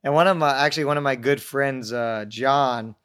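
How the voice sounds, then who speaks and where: A man's voice: mid-range voice, moderate pace, fairly bright tone, smooth. A young man telling rambling, self-mocking stories in a casual chat, acting out the voices of people he quotes. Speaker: podcast guest telling stories.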